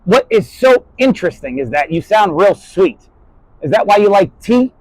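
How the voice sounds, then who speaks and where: A man with a fairly high voice and large pitch swings rambles through a spoken-word monologue at a moderate pace, leaping between topics and swearing freely. He alternates quiet asides with louder bursts. The recording is dry and close with no room sound, and the audio quality is poor.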